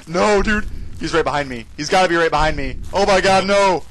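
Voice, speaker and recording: A man's voice: on the high side, quick pace, a bit bright, slight background noise, low-quality recording. A young man commentating his own horror game playthrough, panicky, swearing, and breaking into screams. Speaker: gamer playing a horror game. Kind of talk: let's play commentary.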